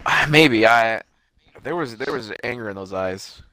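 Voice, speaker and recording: A man's voice: medium pitch, animated, measured pace, sharp tone, no room sound, poor audio. A young man casually discussing a movie, hesitant and unsure, swearing now and then. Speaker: podcast co-host. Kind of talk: casual movie review chat.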